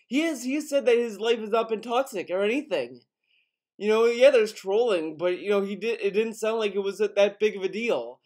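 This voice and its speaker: A young man with a fairly high voice gives sarcastic online commentary. He is mocking and exasperated, and he swears freely as he picks apart what he reads. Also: expressive, moderate pace, darkish tone. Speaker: commentary youtuber.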